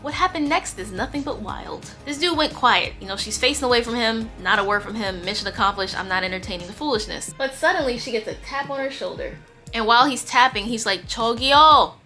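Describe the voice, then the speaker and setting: A woman's voice: a little high, a little fast, bright, forceful tone, soft background music. A woman chatting through a dating story on her channel, emphatic with sassy asides. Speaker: YouTuber telling a dating story. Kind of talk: casual storytime narration.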